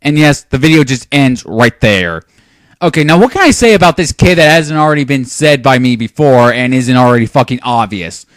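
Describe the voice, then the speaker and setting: A man's voice: mid-range voice, lively intonation, normal speed, no room sound, studio quality. A young man giving a lecturing, sarcastic commentary rant on a video. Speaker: YouTube commentator.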